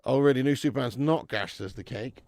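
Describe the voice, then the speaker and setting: Gravelly bloke chatting with viewers. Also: male voice, medium pitch, brisk, a little mellow, dry recording. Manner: swears freely, laughs often, calls viewers mate. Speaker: watch-along host reading live chat. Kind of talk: casual live-stream chat.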